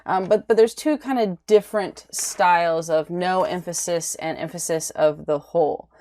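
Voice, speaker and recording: A woman teaching an art lecture, halting, with many ums and restarts, often checking in with "right?". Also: lowish voice, a little mellow. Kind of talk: recorded lecture.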